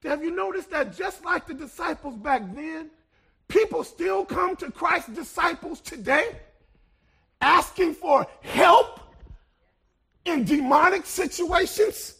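A man preaching a sermon as pastor, building to loud shouted peaks and then dropping to hushed lines. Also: very high voice, slow, creaky. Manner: preaching with swelling shouts and sudden hushed drops.

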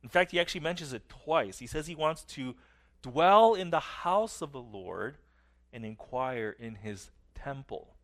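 A middle-aged man preaching a sermon earnestly, his phrases often trailing off softly at the ends. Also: medium pitch, expressive, measured pace. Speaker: pastor.

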